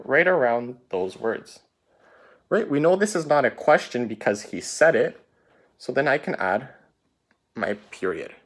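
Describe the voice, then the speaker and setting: A man leads a recorded writing lesson for his students and walks through each punctuation rule one careful step at a time. His pitch rises and falls a lot as he explains. He keeps checking in with a quick "right?" as he goes. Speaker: teacher.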